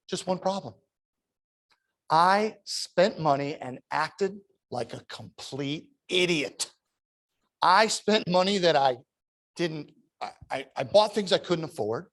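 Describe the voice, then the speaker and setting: Man, 30s, toastmaster, storytelling speech with rhetorical questions, slightly high voice. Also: animated, slow, fairly bright tone. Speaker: toastmaster of the meeting. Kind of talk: prepared speech.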